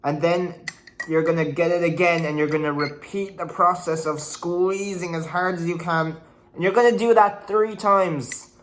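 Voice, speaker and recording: A man's voice: on the high side, steady tone, normal speed, fairly bright tone, slight background noise. A young man talking casually to the camera in a vlog, hyper and jokey, rambling from one thing to the next. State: out of breath. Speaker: vlogger.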